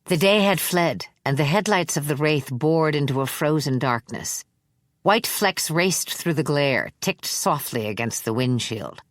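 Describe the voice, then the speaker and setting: A low-voiced woman, working as an audiobook narrator, reads a horror story as scripted narration. Her storytelling is measured and even, recorded with clean studio sound and no room sound.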